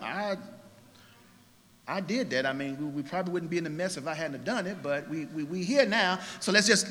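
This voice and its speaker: A man preaching a sermon as pastor, emphatic, swinging between quiet and loud. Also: a little high, long reverb tail.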